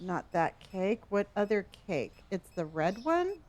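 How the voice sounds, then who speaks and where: With a medium-pitched voice and measured pace, this Southern California woman chats with viewers while streaming a store game; slight background noise is audible. She reads out viewer locations with sudden excited gasps and mutters to herself during play.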